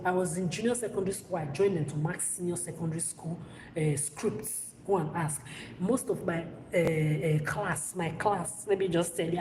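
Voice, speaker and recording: Ranting woman, echoey room. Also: fairly low pitch. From West Africa. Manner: angry, blunt and profane, with repetitive restarts. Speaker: vlogger. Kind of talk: ranting monologue to camera. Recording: echoey room with loud background noise.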